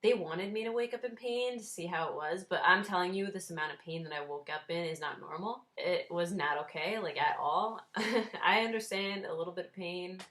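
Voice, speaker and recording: A woman's voice: fairly low pitch, brisk, a bit bright. A woman in her twenties telling a story in a casual vlog, wry and self-deprecating, laughing now and then as she talks. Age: 20s. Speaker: vlogger.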